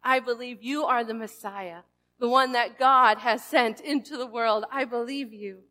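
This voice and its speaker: A woman reading the lines of a grieving sister, Martha, in a soft, quiet way. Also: a little high, steady tone, unhurried, voice pushed down. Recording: long hall reverb.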